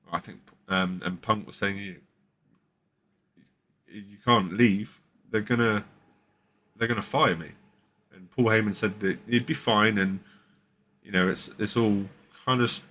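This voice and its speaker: A man's voice: sits low, sharp tone, slight background noise. A male podcast host giving a casual, rambling recap with many fillers and restarts. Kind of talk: casual wrestling show recap.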